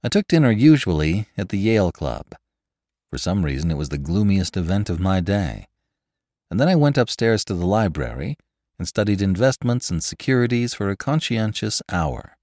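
A man narrating a classic novel in a measured, expressive reading. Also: deep voice, dry recording, clean studio sound. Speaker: audiobook narrator.

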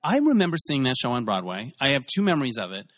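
A man's voice: mid-range voice, sing-song, quick pace, a bit bright, in a large hall. A male host asking questions and rambling enthusiastically in a casual interview chat. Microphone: video call.

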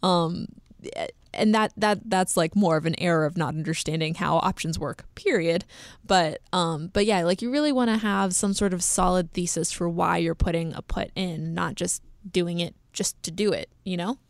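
A woman's voice: on the low side, moderate pace, vocal fry, no echo. A young woman co-hosting a podcast, chatting casually with many fillers and small laughs. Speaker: podcast co-host. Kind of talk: casual chat.

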